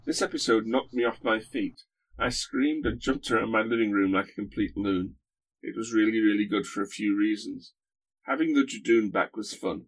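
Speaking at a normal speed in a fairly low voice, a man fills in as podcast host for a casual chat. He is hesitant and dryly humorous, with many fillers.

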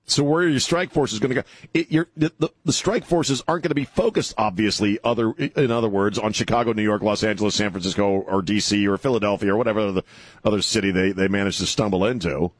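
Male talk radio host, lower voice, dry studio sound, sarcastic, rambling, lots of ums and restarts. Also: fast, no echo. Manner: rambling, sarcastic, self-interrupting, many fillers. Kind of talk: opinionated talk radio monologue. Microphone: studio microphone.

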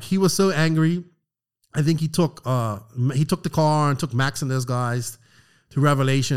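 A middle-aged man telling a story on a podcast, animated and profane, acting out the lines of the people in it. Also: mid-range voice, clean tone. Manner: animated, profane, acts out quotes. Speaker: podcast co-host. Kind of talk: casual storytelling chat.

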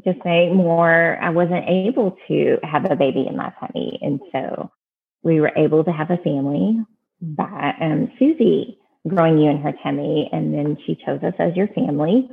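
A woman's voice: sits low, moderate pace, gravelly, slightly rough. A woman giving earnest, plainspoken advice in casual talk, often restarting her sentences. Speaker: adoption advice guest. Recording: phone-like narrow band.

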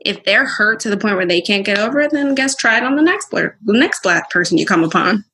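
A woman's voice: mid-range voice, fast, breathy edge. A young woman, a podcast guest, talking bluntly and frankly in a candid conversation. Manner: blunt, straight-talking, animated. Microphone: Instagram live stream.

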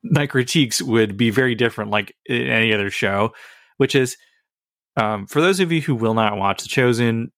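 A man's voice: mid-range voice, normal speed, a bit bright, dry recording, studio quality. A young man co-hosting a podcast in casual, rambling chat, full of fillers. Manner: rambling, filler-heavy, frequent "like". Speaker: podcast co-host.

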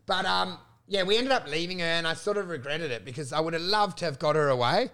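A high-voiced man with a gravelly edge, telling animated stories and swearing freely. His tone is bright and forceful. He laughs through casual comedic chat. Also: fast. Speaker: comedian and podcast co-host.

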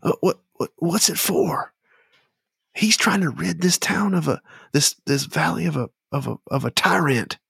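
A frantic mercenary captain who stammers and tumbles over his own words, as a man puts him on. The voice jumps high and thin, rushed and panicky. It is recorded dry and close. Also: gravelly, a bit bright, husky, no echo, exaggerated voice. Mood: pleading.

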